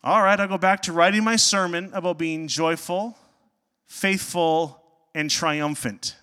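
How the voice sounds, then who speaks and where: A man, a pastor, preaching a sermon with animated, self-deprecating storytelling and jokes. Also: sits high, measured pace. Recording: long hall reverb.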